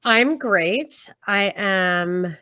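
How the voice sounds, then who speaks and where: A middle-aged woman with a New York accent from Brooklyn, co-hosting a casual livestream chat, animated and quick to laugh. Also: medium pitch, clean tone, dry recording, clean studio sound. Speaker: podcast co-host. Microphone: livestream video call.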